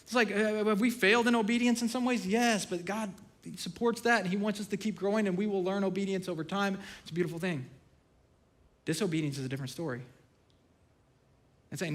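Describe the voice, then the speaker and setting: A man in his thirties, a pastor giving a sermon in a conversational, storytelling way that swings between loud excitement and quiet, hushed asides. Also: high voice, fast talker.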